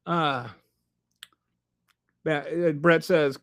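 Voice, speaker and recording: Sarcastic male streamer, high voice, reading chat and rambling. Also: lively intonation, measured pace, long pauses. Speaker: live streamer.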